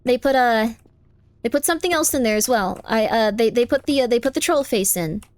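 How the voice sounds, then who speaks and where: A woman live streaming a game, chatting casually with her viewers in a playful, teasing way, insisting on things over and over and breaking into squeaky high protests. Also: animated, a little fast, no room sound. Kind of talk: casual live-stream chat while gaming.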